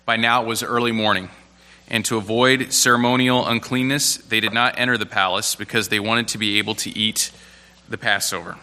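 A man reading scripture aloud in a steady, measured way. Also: lowish voice, in a large hall. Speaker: scripture reader.

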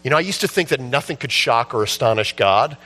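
A man preaching a sermon, telling a story with passion and building to shouts at its peak. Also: medium pitch, lively intonation, fast. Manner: impassioned storytelling, rising to shouts at the climax. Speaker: pastor.

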